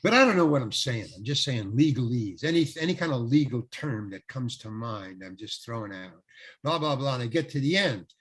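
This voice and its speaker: An older male actor, a guest on an interview, telling rambling, animated anecdotes full of restarts. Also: medium pitch, a little fast, husky. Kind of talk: casual storytelling interview.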